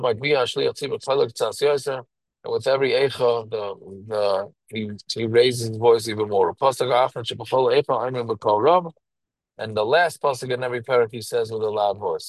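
A man's voice: medium pitch, dry recording, low-quality recording. A man with a who teaches a text line by line, each phrase and then explaining it in plain English. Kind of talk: reading and translating a Hebrew text line by line.

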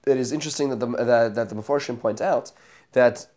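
A man's voice: mid-range voice, a little fast, darkish tone. A man teaching a Bible study lesson, retelling the chapter as a story, voicing the quoted speakers, with many fillers and restarts.

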